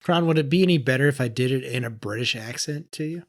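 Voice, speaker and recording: A man's voice: medium pitch, fast, no echo, studio quality. A man co-hosting a casual movie podcast, joking and mocking himself. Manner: joking, self-mocking banter. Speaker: podcast co-host.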